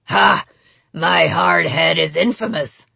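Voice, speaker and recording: Woman doing a boastful ronin man, gravelly, deep, slow, husky, audiobook character. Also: pushed and bright, dry recording, exaggerated voice. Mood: proud. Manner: proud, bragging. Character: boastful hardheaded male ronin, rough and cheerful.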